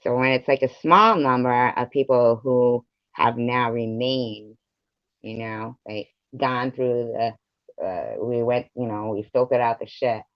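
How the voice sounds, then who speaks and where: A man rants on a live stream, cursing freely and rambling from one grievance to the next. His mid-pitched voice comes through dull and lo-fi, with a dry, close sound and almost no room around it. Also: unhurried, no echo. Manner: profane, rambling, confrontational. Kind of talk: ranting live stream chat.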